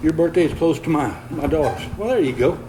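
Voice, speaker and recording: An older man with a voice on the high side and lively intonation talks fairly quickly over background noise. He's casually livestreaming from a treadmill, reading viewer comments, slightly out of breath, folksy and easygoing, with lots of chuckles.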